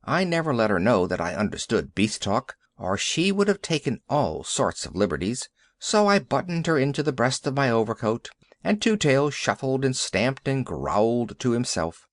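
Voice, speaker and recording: A man narrating a classic animal tale in an expressive, lively storytelling way. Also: medium pitch, moderate pace, dry recording. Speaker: audiobook narrator.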